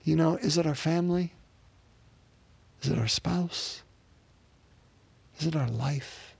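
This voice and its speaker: A man's voice: fairly high pitch, slow, vocal fry, breathy edge, no room sound. A man preaching a sermon as a pastor, in a conversational way that repeats words and speaks straight to the congregation.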